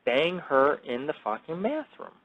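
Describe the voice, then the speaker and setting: A man's voice: a little high, very animated, measured pace. A man hosting a podcast, telling crude stories in a boastful, profane, rambling way full of fillers. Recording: dull lo-fi audio.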